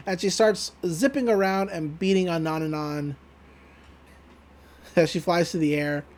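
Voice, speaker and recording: High-voiced man casually recapping. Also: measured pace. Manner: loose, joking retelling with laughs and swearing. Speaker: podcast co-host. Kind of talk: casual anime episode recap.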